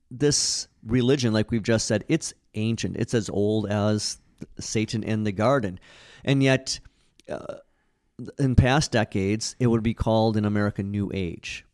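A man's voice: lowish voice, a little mellow. A man co-hosting a casual Bible study discussion, talking in an earnest, conversational way with frequent restarts.

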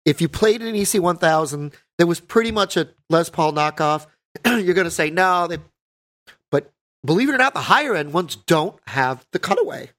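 A man co-hosting a podcast, rambling casually about guitars and PA gear, correcting himself and often clearing his throat. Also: a little high, expressive, normal speed, fairly bright tone. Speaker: podcast co-host, band guitarist.

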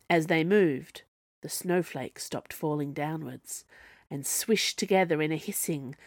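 Woman reading her own serial story, lowish voice, measured, dry close sound. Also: dry recording. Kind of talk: scripted narration.

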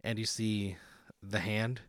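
Man, podcast host, lowish voice, dry close mic, casual storytelling, chuckling. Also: flat delivery, takes it slowly, fairly bright tone, no echo. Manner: laid-back, chuckling, vivid scene-setting. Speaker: podcast host narrating a hypothetical.

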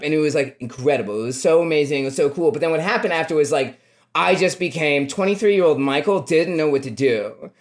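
Young male podcast guest, rambling storyteller, filler-heavy casual delivery. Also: on the high side. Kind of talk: casual chat.

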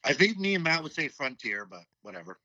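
A man's voice: on the high side, big pitch swings, fast talker, pushed and bright, no echo, distant mic, muffled recording. A man in a casual podcast chat, dropping short, dry quips. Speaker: podcast co-host.

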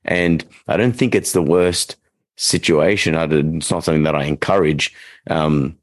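A man's voice: rumbling low, normal speed, dry recording, clean studio sound. A man, a dog trainer hosting a podcast, talking in a rambling, casual way and livening up when he quotes clients. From Australia.

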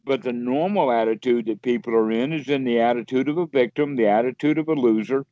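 Fairly quick and warm-toned, a man teaches Buddhist practice in casual talk on a call, playfully dramatizing inner voices with sudden high exclamations. The recording is dry, with the highs cut off.

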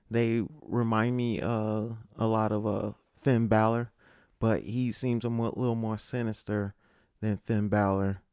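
A man's voice: mid-range voice, a little mellow, clean tone, dry recording, clean studio sound. A man hosting a podcast in a loose, casual way, with many fillers and restarts. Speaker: podcast host.

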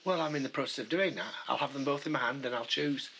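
Bright-voiced bantering British man. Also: medium pitch, quick pace, slight background noise. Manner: teasing, laughs a lot, swears. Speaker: podcast co-host. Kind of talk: casual banter.

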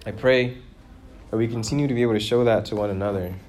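A man preaching a sermon, who asks his listeners questions and grows louder and higher when he makes a point. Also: fast, slight background noise. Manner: lively, rises in pitch and volume for emphasis, asks the congregation questions.

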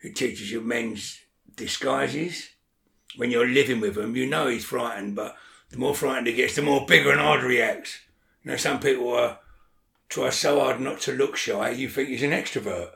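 A man's voice: mid-range voice, moderate pace, creaky, a bit bright, roomy sound. A man talking as an interview guest in casual chat, blunt and swearing a lot, often checking that the listener follows.

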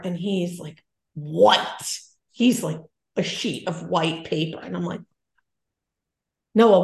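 A woman in her forties telling a story from her own life, animated and self-deprecating. She talks casually and acts out what people said along the way. Her voice sits at an ordinary pitch and carries a noticeable room echo. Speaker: guest telling a personal story. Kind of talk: conversational storytelling.

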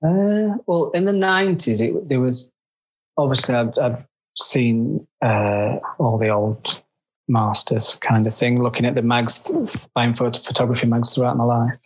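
A man's voice: mid-range voice, steady tone, husky. A man who works as a photographer, talking casually as an interview guest, chatty with frequent restarts. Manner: chatty, halting, self-described grumpy.

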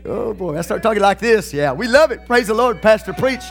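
A man with a Texan accent, a pastor preaching a sermon, moving from calm teaching to loud, fervent preaching. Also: sits high, fairly quick, vocal fry, hardly any pauses, faint music behind.

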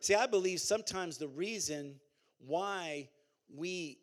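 Slow and high-pitched, this male pastor delivers his sermon animatedly and conversationally, with repeated phrases and call-and-response.

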